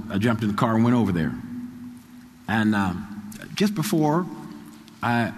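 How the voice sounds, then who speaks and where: Stammering male pastor in reverberant church. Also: mid-range voice. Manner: repeats phrases, stammers, builds to excited shouting. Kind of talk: sermon with storytelling.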